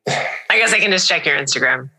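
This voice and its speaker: A woman co-hosting a podcast in casual chat, quick with playful, teasing reactions. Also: deep voice, expressive, creaky, pushed and bright, slightly rough. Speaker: podcast co-host.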